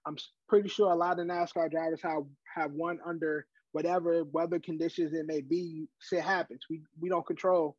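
A man with a high voice co-hosting a casual sports podcast. He sounds hyped and keeps repeating himself. The recording is dry and slightly muffled. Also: flat delivery, moderate pace, few pauses, dry recording. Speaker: podcast co-host.

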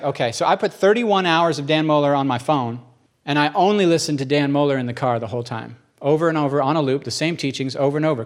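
A male church teacher with a slightly high voice delivers a conversational sermon. He is earnest and animated, and he tells stories energetically to a gathering.

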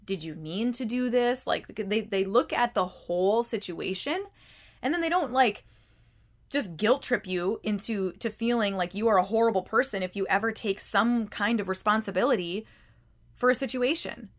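A woman's voice: medium pitch, moderate pace. A woman hosting a self-help podcast, talking conversationally with emphatic rhetorical questions and frequent repeated words. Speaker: podcast host.

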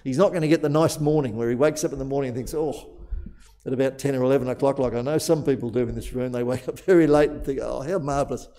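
A man preaching a sermon, telling a parable with strong emphasis and theatrical pauses. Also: medium pitch, dark tone. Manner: storytelling, varied emphasis with dramatic pauses.

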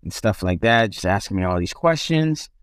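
A man's voice: fairly low pitch, lively intonation, normal speed, smooth, dry recording, clean studio sound. A young man casually telling his life story as an interview guest, loose and rambling with many restarts.

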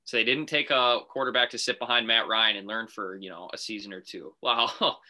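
A man co-hosting a casual sports talk show, telling a made-up phone call with animated put-on voices. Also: on the low side, brisk. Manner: animated storyteller, acts out phone calls. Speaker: podcast co-host.

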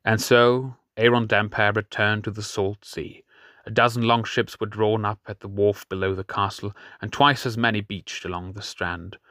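A man narrating a fantasy audiobook in a steady, measured storytelling manner. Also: on the low side, dry recording, clean studio sound.

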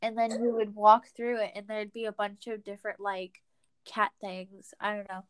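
A woman's voice: medium pitch, level tone, normal speed, clean tone, dry recording. A young woman co-hosting a podcast, telling stories in a casual chat full of fillers. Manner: chatty storyteller, lots of fillers. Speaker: podcast co-host.

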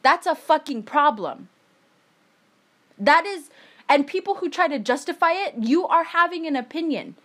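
A woman's voice: high voice, lively intonation, moderate pace, fairly bright tone. A young woman in a heated, emphatic monologue, swearing often as she rants. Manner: angry, swearing, emphatic ranting.

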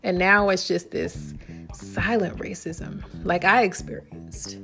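A woman vlogging from home, telling a personal story in an animated, indignant way. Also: lowish voice, slow pace, creaky, soft background music.

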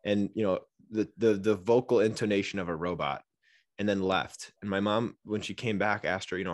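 A man co-hosting a podcast, telling stories in a casual, animated way and acting out the people in them. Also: on the low side, a little fast, no room sound, clean studio sound. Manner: animated storyteller who acts out voices. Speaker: podcast co-host.

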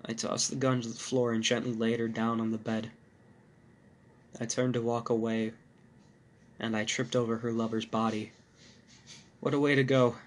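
A male podcast host narrating a first-person horror story in a measured, dark manner. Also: mid-range voice, flat delivery.

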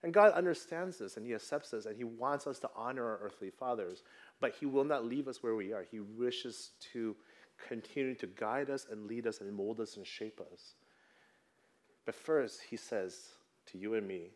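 A man's voice: lowish voice, moderate pace. A man in his thirties preaching a sermon in a conversational way, often checking in with the congregation. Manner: conversational, tags lines with "right?". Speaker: pastor.

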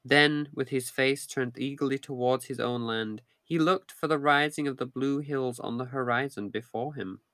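A man narrating a fairy tale in a steady, measured reading voice. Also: medium pitch, dry recording, studio quality. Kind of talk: storybook reading.

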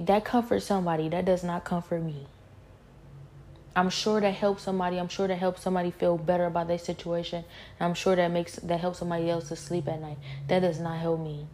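A woman's voice: fairly low pitch, mellow. A woman pouring out her frustration in a personal monologue, with features, full of rhetorical questions and pleading.

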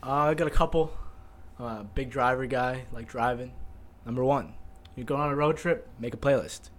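A man's voice: medium pitch, moderate pace. A young man co-hosting a casual podcast, laying out his points in short, punchy lists. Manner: laid-back, talks in short punchy lists. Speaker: podcast co-host.

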